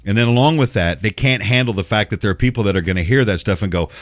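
A man's voice: on the low side, fast talker. An older man hosting a podcast, ranting with constant swearing and cranky sarcasm. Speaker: radio and podcast host. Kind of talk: profane ranting commentary.

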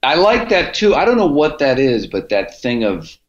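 Very animated, with a mid-range voice at normal speed, a podcaster and comedian from Cleveland, United States, loosely tells stories and restarts them frequently in a casual interview. It's recorded in a dull, echoey room.

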